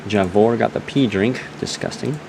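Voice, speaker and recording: A young man running a tabletop game on stream as game master, narrating with lively, joking drama. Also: fairly low pitch, normal speed, creaky, noisy background.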